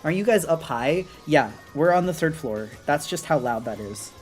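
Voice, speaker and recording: This is a streamer chatting casually while drawing, rambling and restarting often. The voice sits in a middle pitch. Soft music plays faintly behind. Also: expressive, normal speed. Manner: rambling, many fillers and restarts. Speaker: art streamer. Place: apartment on an upper floor.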